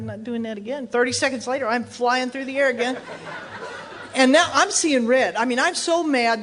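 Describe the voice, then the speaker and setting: Woman from Texas, recovery speaker, candid self-mocking storyteller, slightly high voice. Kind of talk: personal story told to an audience.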